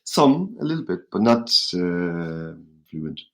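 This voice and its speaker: A man from Ireland, a podcast guest in casual chat, talking in a measured, hesitant way. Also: sits low, big pitch swings, a little mellow.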